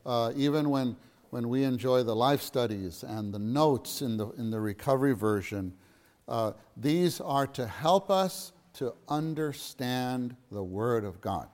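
A man's voice: mid-range voice, expressive, unhurried, a little mellow. A middle-aged man leads a church lesson in a meeting room with listeners, speaking earnestly. His voice sits in an ordinary middle register. He repeats key phrases to stress a point. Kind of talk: church teaching talk to a gathering.

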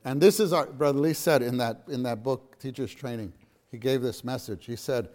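A man's voice: mid-range voice, moderate pace, a little mellow. Earnest middle-aged man teaching a church lesson. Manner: earnest, repeats phrases for emphasis. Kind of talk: church teaching talk to a gathering.

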